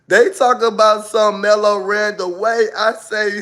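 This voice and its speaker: Guy on a live stream spilling his story, dramatic and loud at times, kinda high voice. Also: moderate pace, hardly any pauses. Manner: animated, dramatic, loud outbursts. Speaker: livestreamer. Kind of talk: livestream storytelling to viewers.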